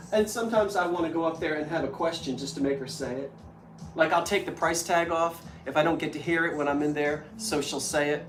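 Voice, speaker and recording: A woman's voice: sits low, brisk, far from the mic. A woman hosting a live stream on antiques, chatting casually and telling stories. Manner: chatty, animated storytelling. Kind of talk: casual chat. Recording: echoey room with faint music.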